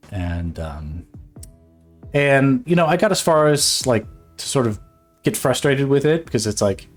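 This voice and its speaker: A man who streams his illustration work, chatting casually and rambling while he draws, swearing often, laughing, and filling his talk with restarts and fillers. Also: on the low side. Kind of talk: casual chat while drawing.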